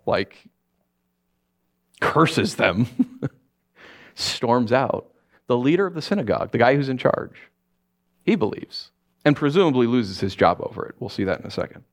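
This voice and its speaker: A man preaching a sermon in a casual, conversational way, animated and quick to laugh, often acting out what people say. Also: medium pitch. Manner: informal, animated, laughs often, acts out quotes. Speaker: pastor.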